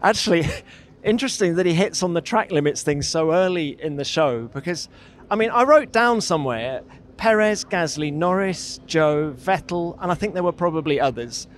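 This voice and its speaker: Dude hosting a podcast outside in a paddock, slightly high voice, chatty n teasing. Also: male voice, expressive, slight background noise. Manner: chatty, quick questions, teasing. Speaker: podcast host. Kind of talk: casual trackside chat. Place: outdoors in a racing paddock.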